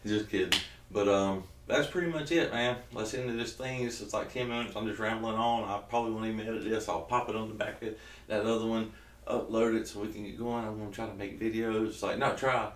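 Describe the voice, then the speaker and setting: A man's voice: fairly low pitch, steady tone, brisk, echoey room, recorded from a distance. A man in his thirties from South Georgia with a Southern accent, rambling jokily in a casual vlog and interrupting himself often. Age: 30s. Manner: rambling, jokey, self-interrupting. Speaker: keto vlogger.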